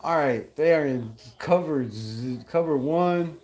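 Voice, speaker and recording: A man hosting a live game-watch stream, excitable and blunt, calling plays, griping about flags and greeting chat viewers. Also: fairly high pitch, slow pace. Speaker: livestream host.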